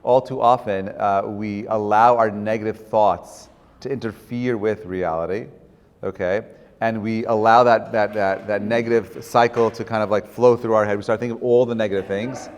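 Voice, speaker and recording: A man's voice: lowish voice, steady tone, normal speed. A man, a rabbi, giving an informal class and telling stories in a conversational way, often tagging his points with "right?" and "okay?". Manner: conversational, many fillers and tag questions. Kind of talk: informal lecture with storytelling. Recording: long hall reverb.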